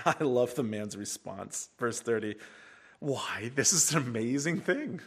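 A man preaching an expository sermon, animated, acting out the voices of the people in the text. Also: mid-range voice, a little slow, husky. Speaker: pastor.

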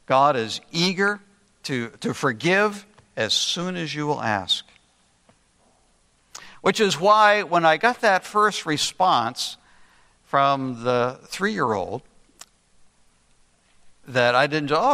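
An older man preaching a sermon, telling a story earnestly with slow, deliberate emphasis. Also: a little high, expressive, pushed and bright. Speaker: pastor. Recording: long reverb in a large hall.

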